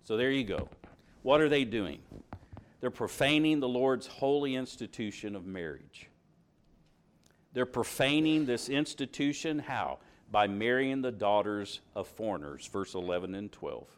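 A man's voice: mid-range voice, animated, measured pace. A middle-aged man preaching a sermon, reading scripture aloud and asking his congregation questions.

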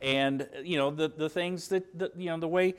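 A man's voice: fairly high pitch, fairly even intonation, moderate pace, smooth. A man from southern Indiana preaching a sermon, earnest and conversational, with fillers and restarts. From southern Indiana, USA.

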